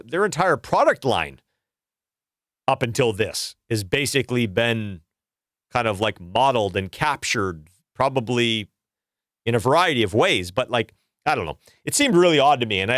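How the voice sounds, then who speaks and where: A middle-aged music producer hosts a casual livestream, rambling, swearing, and ranting in a fired-up way with frequent restarts. His voice is mid-range and a bit bright, captured with clean studio sound and no echo.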